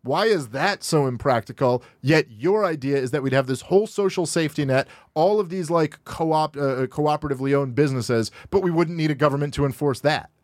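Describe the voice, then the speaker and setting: Brisk and barely pausing, the podcast host spars with a video clip in a darkish tone, his exasperated rebuttals shooting sharply higher in pitch. The studio audio is clean, without any room sound.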